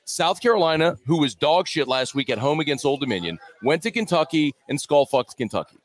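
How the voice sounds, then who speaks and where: A man's voice: on the high side, lively intonation, a little fast. A man hosting a sports radio show, talking in a blunt, profane, dismissive way. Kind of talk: casual sports talk. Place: radio studio. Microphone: studio microphone.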